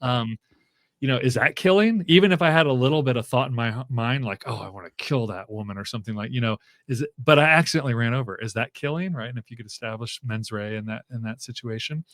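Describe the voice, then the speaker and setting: A man's voice: medium pitch, fast, a bit bright, no echo. Chatty male guest, dry close sound. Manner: loose, thinking aloud with many fillers and restarts. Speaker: guest author and professor. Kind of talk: casual interview conversation.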